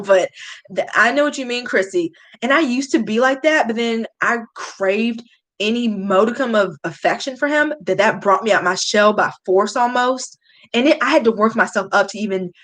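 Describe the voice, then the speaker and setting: A woman's voice: a little high, fairly bright tone. A woman, confiding in casual chat, emotional, sighing often. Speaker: beauty vlogger. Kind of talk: casual chat reading live comments.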